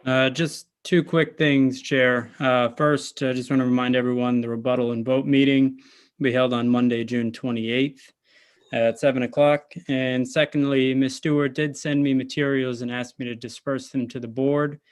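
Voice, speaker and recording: A man's voice: medium pitch, level tone, moderate pace, smooth. A man giving brief, businesslike announcements to a board during a public meeting. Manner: matter-of-fact, businesslike. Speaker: board counsel making announcements.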